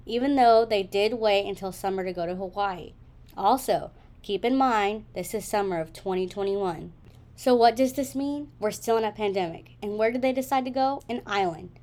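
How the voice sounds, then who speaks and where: A woman's voice: medium pitch, moderate pace, darkish tone. A young woman narrating a friend's travel story in a wry, teasing way. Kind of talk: scripted narration.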